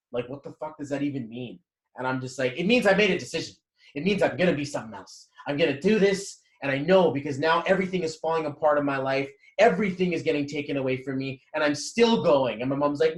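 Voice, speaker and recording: A man's voice: mid-range voice, reverberant. A man in his thirties giving a candid motivational talk about his past, swearing freely and acting out old conversations while walking. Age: 30s. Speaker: motivational vlogger. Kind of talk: personal motivational monologue.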